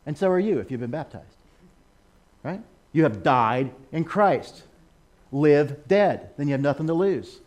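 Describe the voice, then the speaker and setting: An American man giving a sermon over a slideshow, animated, with laughing asides and excited exclamations. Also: fairly high pitch, unhurried. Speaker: missionary speaker.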